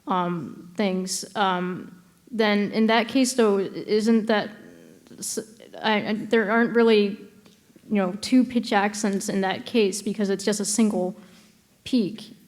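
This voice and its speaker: A woman's voice: mid-range voice, takes it slowly. A woman in the audience asking a long, hesitant academic question from the floor, full of fillers and restarts.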